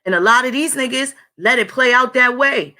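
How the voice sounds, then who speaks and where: A woman's voice: sits high, moderate pace, bright, forceful tone. A woman hosting her own channel in a blunt, profane, conversational monologue, talking straight to her viewers. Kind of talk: casual spoken monologue.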